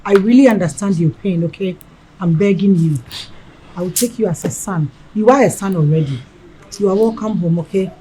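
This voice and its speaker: A woman's voice: mid-range voice, a little fast, mellow, a little hiss or hum, lightly acted, poor audio. An actress playing a woman who keeps soothing and begging a crying young man. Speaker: stepmother figure consoling a crying son.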